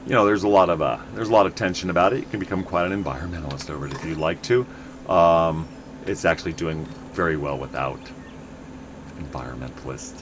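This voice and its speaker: A man's voice: deep voice, background noise. A middle-aged man from the United States, chatting in a rambling, casual way while streaming a game. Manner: rambling, chatty, many restarts.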